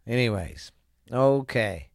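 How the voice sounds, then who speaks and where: A man's voice: fairly low pitch, vocal fry, no echo, clean studio sound. A man hosting a vlog, reading viewer comments aloud with crude jokes and rambling asides.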